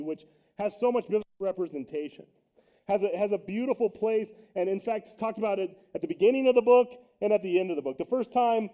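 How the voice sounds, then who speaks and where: A man preaching a sermon to his church as pastor, energetic and joking, rising to shouts on key points. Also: high voice, muffled recording. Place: church sanctuary.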